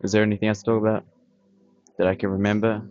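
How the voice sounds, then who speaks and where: A man's voice: fairly low pitch, flat delivery, quick pace, darkish tone, dry recording, lo-fi sound. A man talking to a camera on a tripod in a blunt, dismissive, rambling monologue. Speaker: vlogger.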